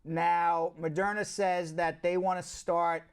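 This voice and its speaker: A man's voice: high-pitched, level tone, slow. A man with a Long Island accent hosting a casual news rundown, chatty and prone to asides to his co-hosts. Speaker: host, immigration news show.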